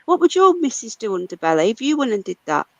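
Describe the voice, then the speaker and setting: A woman's voice: a little high, sing-song, fast talker, dry recording, low-quality recording. Angry British woman ranting on a livestream. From United Kingdom. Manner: angry, ranting, swears a lot. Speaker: livestream host. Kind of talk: casual livestream chat.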